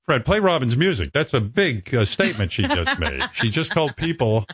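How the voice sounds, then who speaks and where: A man hosting a radio talk show, brash and animated, swearing freely as he trades banter. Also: medium pitch, moderate pace, breathy edge, dry recording. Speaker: radio host.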